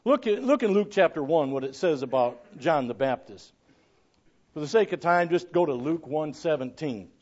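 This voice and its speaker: A man preaches a sermon in a high voice, reading old scripture aloud. He swings between ringing declarations and quiet asides, chuckling now and then. The recording sounds dull and lo-fi. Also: animated, moderate pace. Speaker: pastor.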